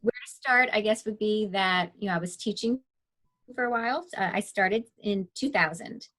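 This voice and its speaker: Woman in her 40s, guest on a podcast, lively storyteller acting out what she thought. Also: medium pitch, normal speed. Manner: animated storyteller, acts out her own thoughts. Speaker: guest, educator and author. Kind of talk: casual interview storytelling.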